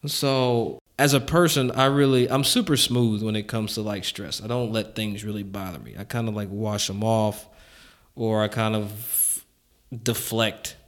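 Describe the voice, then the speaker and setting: A man's voice: on the low side, steady tone, a little slow. A man hosting a casual chat, telling a personal story candidly with lots of "like" fillers and frequent chuckles.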